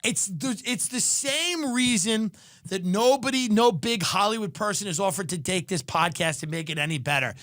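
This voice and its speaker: Recorded close and dry with no room sound, this man hosts a podcast and delivers a sardonic comedic rant in a high, reedy voice. His intonation is lively, his pace moderate, and his ranting keeps spilling into mock shouting.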